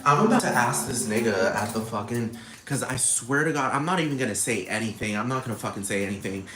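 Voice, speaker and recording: A man's voice: mid-range voice, animated, fast, background noise. A man hosting a solo podcast, rambling and cursing in a casual rant, constantly asking whether the listener gets what he means. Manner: rambling, profane, keeps asking "you know what I'm talking about". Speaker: podcast host. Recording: echoey outdoor recording with crickets.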